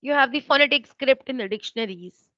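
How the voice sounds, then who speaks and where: Indian-accented woman teacher, higher voice, explains patiently, dull dry call audio. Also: fairly quick, no echo. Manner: explanatory, checks for understanding. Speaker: English teacher. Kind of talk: online teaching exchange.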